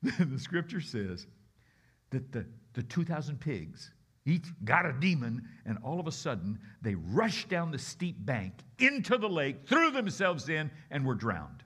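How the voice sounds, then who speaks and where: Preaching as a guest, this man delivers his sermon in a husky, fairly high-pitched voice at an unhurried pace. He tells the story conversationally and expressively, moving between loud and hushed moments.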